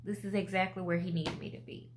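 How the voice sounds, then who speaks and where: A woman in her twenties gives a personal vlog update, talking straight to her viewers in an emotional, expressive way. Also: lowish voice, fast talker, background noise. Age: 20s. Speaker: vlogger.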